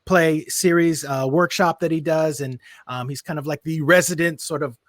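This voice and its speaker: A man hosting a casual interview over a video call, speaking in a relaxed way with many "um"s and "you know"s. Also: a little high, moderate pace, no echo, studio quality. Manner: relaxed, hesitant, many fillers and restarts. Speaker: podcast host.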